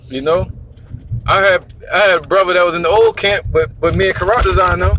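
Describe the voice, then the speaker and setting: A man's voice: high voice, a little fast, noisy background. A man giving a casual, profane, rambling religious talk, teaching as he drives. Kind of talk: casual preaching monologue.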